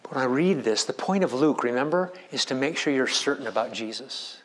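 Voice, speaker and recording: A man's voice: medium pitch, lively intonation, fairly quick. A man preaching a sermon as a pastor, with emphatic delivery that rises and drops in volume.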